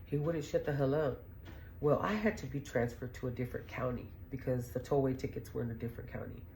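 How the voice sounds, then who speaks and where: A woman's voice: rumbling low, quick pace, a little mellow, slight background noise. A middle-aged woman hosting a podcast, telling stories in a blunt, profane, rambling way and laughing as she goes. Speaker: podcast host. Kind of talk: casual storytelling monologue.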